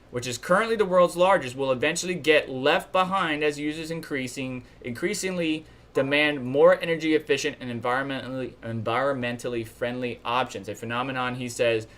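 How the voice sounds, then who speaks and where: A man's voice: mid-range voice, a little fast, fairly bright tone. A man hosting a live stream, giving casual news commentary in a chatty, blunt way and complaining openly.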